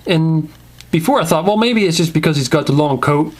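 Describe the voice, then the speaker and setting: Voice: medium pitch, a little fast, a crowd in the background. Chatty toy reviewer. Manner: chatty, swears, laughs often. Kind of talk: casual review and rant.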